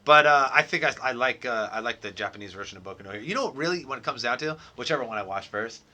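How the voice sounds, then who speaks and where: A man co-hosting a casual podcast, with a very bright, sharp voice. He talks in loose, profane slang and throws in excited sound effects. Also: medium pitch, fast talker. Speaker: podcast co-host. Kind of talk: casual chat.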